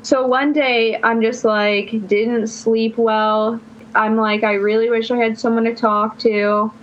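Young woman, podcast guest, casual storytelling, rambling with lots of "like", slightly high, muffled lo-fi audio. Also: flat delivery, takes it slowly. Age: young adult. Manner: rambling, fills every phrase with "like". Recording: dull lo-fi sound.

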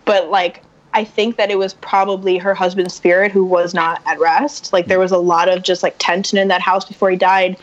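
This woman's voice sits on the low side at normal speed with few pauses, as she tells a casual, animated story as a podcast guest and acts out what others said. It's a dull, lo-fi recording.

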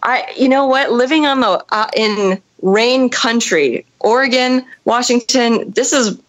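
A woman spinning a story in easy chat, with a voice pitched a touch high. She swears freely and throws herself into the people she describes. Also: unhurried, low-quality recording. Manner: animated, profane storytelling, acting out voices. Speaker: storyteller on a podcast. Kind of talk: casual chat.

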